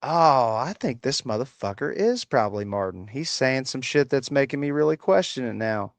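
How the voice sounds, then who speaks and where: An American man hosts a livestream from a rural home, reacting to comments with profane, rambling mockery. His medium-pitched voice has lively intonation at a normal speed, and the recording has no room sound.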